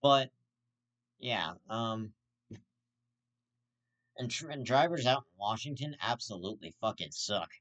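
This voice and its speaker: A man's voice: medium pitch, lively intonation, measured pace, pauses often, a bit bright. A man hosting his own vlog, ranting heatedly with heavy swearing and repeated restarts. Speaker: host of a commentary vlog. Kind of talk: profane ranting commentary.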